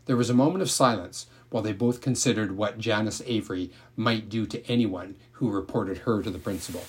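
A man narrating a novel aloud in a calm, measured storytelling manner. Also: fairly low pitch, husky. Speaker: audiobook narrator.

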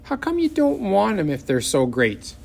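Man putting on a shrill whiny little girl. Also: wildly swooping pitch, normal speed, creaky, a little mellow, a little hiss or hum, heavily acted. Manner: shrill and demanding.

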